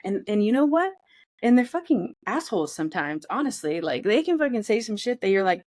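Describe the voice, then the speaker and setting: A woman's voice: medium pitch, big pitch swings, brisk, darkish tone, no room sound. A woman co-hosting a podcast in casual chat, candid and profane, acting out feelings in quoted voices. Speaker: podcast co-host.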